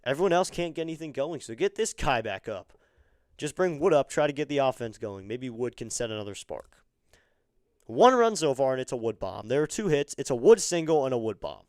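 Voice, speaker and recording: A man giving excitable live fan play-by-play of a baseball game on his stream, chatting with viewers between pitches. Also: fairly quick, no room sound, clean studio sound. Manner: chatty, excitable on big plays.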